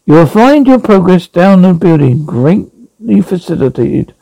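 A man voicing a deep, quiet, unseen male presence in an audiobook, speaking in a soothing murmur. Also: sing-song, unhurried, creaky, no echo, exaggerated voice, low-quality recording. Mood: calm.

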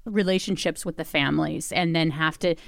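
A woman's voice: deep voice, steady tone, brisk, creaky, no echo, studio quality. A woman co-host chatting casually, thinking aloud with small restarts. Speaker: podcast co-host. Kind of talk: casual chat.

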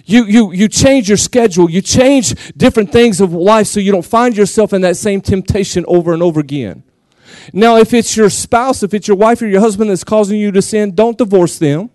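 A man with a West Texas accent, a pastor giving a lively, joking sermon and acting out quotes. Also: high-pitched, no echo. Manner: animated, jokey, laughs often, acts out quotes.

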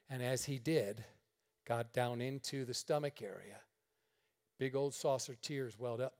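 A man's voice: mid-range voice, expressive, normal speed. A male pastor preaching a storytelling sermon to a congregation, folksy and joking, acting out the dialogue. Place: church meeting room.

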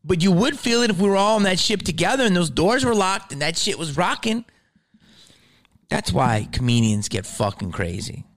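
A man's voice: sits high, big pitch swings, moderate pace. A male comedian and podcast host delivering a heated, profane, exasperated rant.

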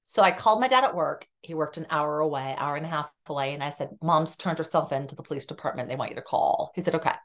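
A woman with a notably low, deep voice talks openly about her own life as a guest on a podcast. She tells it vividly and acts out what others said, switching into their voices as she goes. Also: fast talker, few pauses. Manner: animated, acts out quoted dialogue. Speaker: psychotherapist guest. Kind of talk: candid personal storytelling in conversation.

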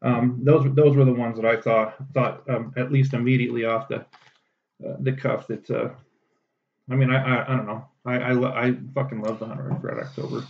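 A man's voice: mid-range voice, level tone, brisk, creaky. Rambling, cursing man on a lo-fi podcast. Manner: rambling, profane, many restarts. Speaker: podcast co-host. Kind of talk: casual chat. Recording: dull lo-fi sound.

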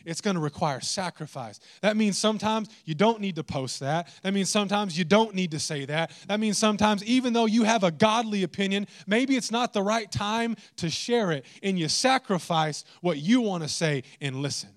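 A man preaching a sermon, animated and humorous, swinging into mock exasperation. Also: sits high, moderate pace, few pauses. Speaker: pastor.

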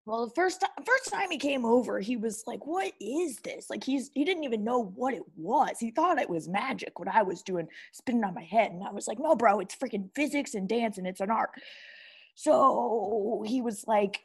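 Brash teen prankster boy voiced by a woman, husky and fairly high, calls everyone bro. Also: expressive, moderate pace. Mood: boastful. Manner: slangy, boastful, calls people bro. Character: brash cocky teenage boy breakdancer and prankster. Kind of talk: improv comedy interview.

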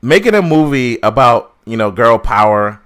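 A man's voice: medium pitch, very animated, moderate pace, fairly bright tone, clean tone. A man co-hosting a podcast, ranting in casual chat with a lot of swearing and mocking asides. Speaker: podcast co-host reviewing a film.

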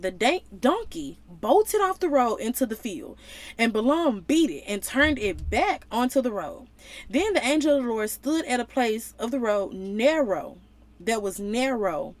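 Lively high-voiced woman teaching the Bible. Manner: animated and slangy, breaking into playful voices.

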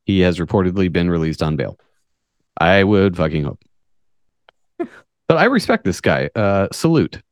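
A man's voice: low voice, big pitch swings, moderate pace, pauses often, dry recording, studio quality. A man from the United States hosting a casual podcast, reading news stories aloud with sarcastic, profane asides. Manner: profane, jokey, reads articles with sarcastic asides. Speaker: podcast host.

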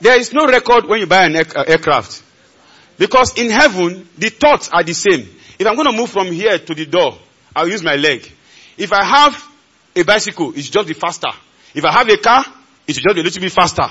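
A Nigerian man preaching a sermon at a large conference, leading the congregation in call and response and building to shouts. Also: sits high, animated, a little fast, slightly rough, highs cut off. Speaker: pastor.

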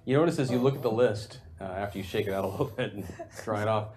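A man narrating as game master of a tabletop game in a relaxed, meandering way. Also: lowish voice, quick pace, faint music behind.

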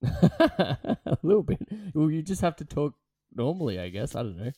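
A man co-hosting a podcast, reacting in casual chat, quick to swear and laugh. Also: a little high, very animated, warm tone, husky, no room sound. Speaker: podcast co-host.

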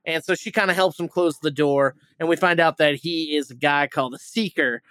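A man with a fairly high voice hosts a movie review podcast and rambles through a plot summary with plenty of fillers and swearing. His voice is recorded close and dry. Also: steady tone, a little fast, bright, forceful tone, clean tone, no echo. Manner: rambling, profane, many fillers and restarts. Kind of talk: casual movie review chat.

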